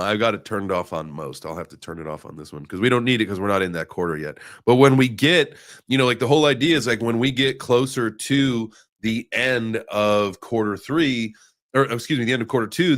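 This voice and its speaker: This man hosts a live crypto stream and talks in a loose, joking way, full of sarcasm and fillers. His voice sits a little low for a man. He calls out viewers by name between chart readings. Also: fairly quick, a bit bright. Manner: rambling with many fillers while reading charts. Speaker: crypto livestream host. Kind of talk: casual live market chat.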